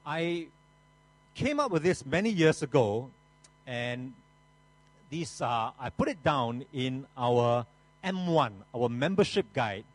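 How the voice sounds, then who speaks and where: A man's voice: medium pitch, low-quality recording. A man pastor preaching a sermon, folksy and joking, with asides to the congregation.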